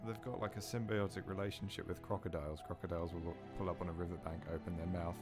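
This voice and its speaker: A man's voice: low voice, fairly even intonation, fast, music in the background. A man playing a tabletop role-playing game, talking in a dry, wry and hesitant way. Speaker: player.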